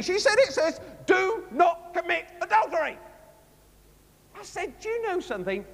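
A man preaching a sermon, telling a story with lively storytelling and acting out both sides of a conversation. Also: very high-pitched, moderate pace. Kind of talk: sermon anecdote. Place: large conference hall. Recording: long hall reverb from a live conference.

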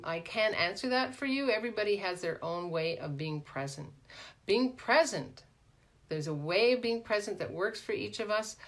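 A middle-aged woman, a life coach with a somewhat low voice, hosts a live Q&A in a casual live-stream coaching session. She's animated and chatty, sprinkling in "right?" and greeting viewers by name as their questions arrive.

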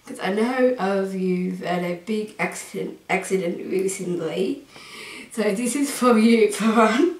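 A woman chatting casually to camera as a vlogger, giggling between phrases and rambling excitedly. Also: mid-range voice, unhurried. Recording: roomy echo.

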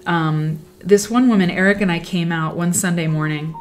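Low-voiced woman telling stories casually. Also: fairly even intonation, normal speed, faint music behind. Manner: rambling, reflective, trails off. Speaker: livestream host. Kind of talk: casual livestream storytelling. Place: at home while sewing.

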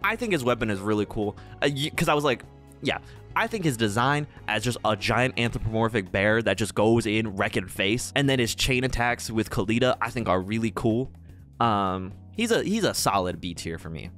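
A man's voice: lowish voice, expressive, moderate pace, a bit bright, faint music behind. A man talking casually as he ranks game characters, playful and rambling, with theatrical asides. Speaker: gaming YouTuber. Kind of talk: casual tier-list commentary.

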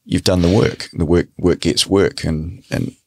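A man's voice: low voice, fairly even intonation, a little slow, gravelly, no echo. A man, a guest actor, in a casual podcast chat, reflective and repeating words as he builds a thought.

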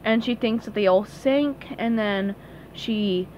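A woman's voice: mid-range voice, takes it slowly, darkish tone. A woman casually reviewing a children's picture book, chatty and gushing, with small laughs and restarts. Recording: dull lo-fi audio with faint noise.

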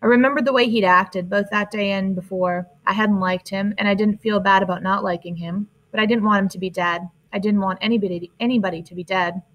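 A woman's voice: medium pitch, fairly quick, few pauses, lo-fi sound. Woman reading an audiobook aloud. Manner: plain, steady first-person reading. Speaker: audiobook narrator. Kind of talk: audiobook narration.

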